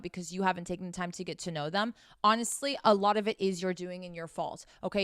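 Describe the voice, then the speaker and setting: A woman's voice: on the low side, a bit bright, clean tone, no echo, studio quality. Brash, profane young woman giving advice. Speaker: podcast host giving sex advice. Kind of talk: blunt advice monologue.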